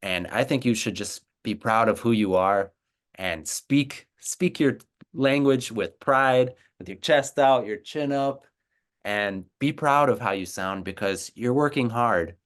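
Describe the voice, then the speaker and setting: An American man talks in an earnest, encouraging way, often repeating a word to drive his point home. His voice is low and smooth. He sounds like a teacher giving advice in a casual conversation. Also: unhurried, a bit bright. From United States. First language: English. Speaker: co-host, language teacher.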